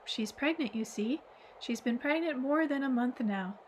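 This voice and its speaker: A woman reading the part of a gentle, wise old man in an audiobook, explaining calmly and patiently. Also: high voice, moderate pace, a little hiss or hum, close to an everyday voice, rough recording.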